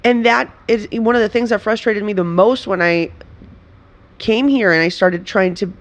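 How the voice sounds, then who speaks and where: A woman's voice: mid-range voice, moderate pace. A woman from Venezuela, a comedian guest in casual interview chat, talking animatedly with laughs and frequent restarts.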